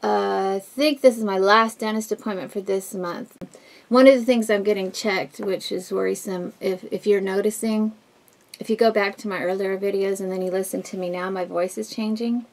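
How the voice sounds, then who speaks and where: Woman, husky smoky voice, gravelly edge, mid-pitched, rambling casual chat, fillers and restarts, getting ready at home. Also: fairly even intonation, normal speed. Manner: talks while doing her makeup. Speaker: beauty vlogger.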